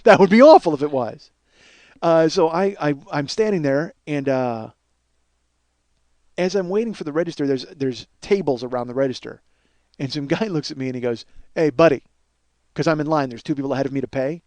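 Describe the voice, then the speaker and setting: Man, 40s, podcast host, comic storyteller, swears a lot, self-mocking, fairly high voice, dry sound. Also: fairly quick, dry recording. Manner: profane, self-mocking, gets loud and worked up.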